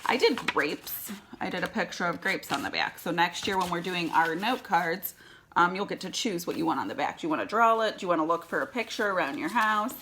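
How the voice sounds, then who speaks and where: A woman's voice: lowish voice, animated, brisk, sharp tone, slight background noise. A woman teaching a circle time lesson to young children, encouraging and explaining each step in a sing-song way. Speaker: preschool teacher.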